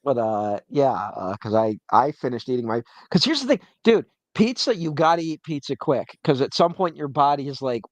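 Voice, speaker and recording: A young man co-hosting a movie podcast, rambling and animated as he tells stories. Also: mid-range voice, normal speed, no echo. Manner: rambling, animated storytelling with laughs. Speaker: podcast co-host. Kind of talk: casual movie commentary chat.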